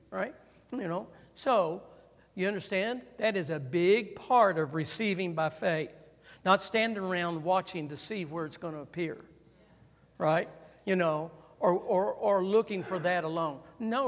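A man's voice: sits high, moderate pace, creaky. A man preaching a sermon in a conversational way, checking in with "right?" and calling on the congregation to answer. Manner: animated, calls for congregation response. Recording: long hall reverb.

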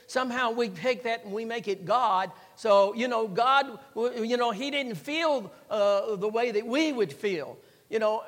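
A man preaching a sermon in an earnest, repetitive way, leaning hard on the key words. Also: high-pitched. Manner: earnest, repetitive, rising to emphatic stresses. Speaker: pastor. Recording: long hall reverb.

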